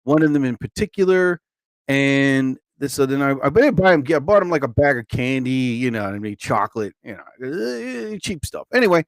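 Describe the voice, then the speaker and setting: Male host, casual rambler, bouncy, animated delivery with sudden high exclamations. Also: moderate pace, no echo. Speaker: host of a live show and podcast.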